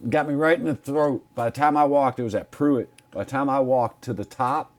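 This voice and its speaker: A man in casual chat telling a story in an animated, profane way. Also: mid-range voice, brisk. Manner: animated, profane anecdote teller.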